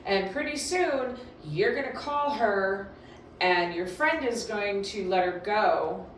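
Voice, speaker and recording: A woman's voice: medium pitch, lively intonation, takes it slowly, a little hiss or hum. A woman dog trainer giving casual, emphatic instructions in a chatty, repetitive way. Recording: very echoey room, distant mic.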